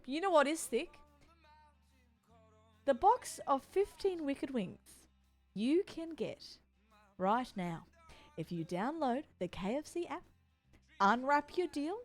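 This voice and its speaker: A young Australian woman with a soft accent chats on her live stream in a fairly high, bright register. She is bubbly and gushing, and she scatters ums through her talk. Faint music plays quietly underneath. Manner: bubbly and chatty, gushing with excitement and frequent ums. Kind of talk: casual live-stream chat with a sponsor read.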